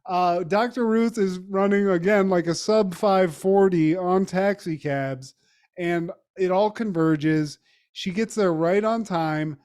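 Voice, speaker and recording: Animated, laughing male podcast co-host. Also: sits high, takes it slowly, smooth. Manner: animated, laughing, profane storytelling. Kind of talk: casual chat recapping a TV episode.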